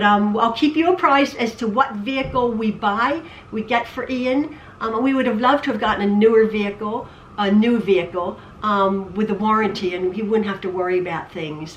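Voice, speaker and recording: A woman's voice: medium pitch, normal speed, far from the mic, a little hiss or hum. A woman chatting casually in her home sewing room, rambling, repeating herself and stammering. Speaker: quilting vlogger. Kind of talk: casual chat. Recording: roomy, off-mic.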